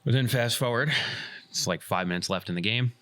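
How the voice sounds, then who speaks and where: A man's voice: medium pitch, brisk. A man hosting a casual podcast, telling a story and acting out the lines of the people in it. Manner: animated retelling, acts out quoted dialogue. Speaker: podcast host and field referee.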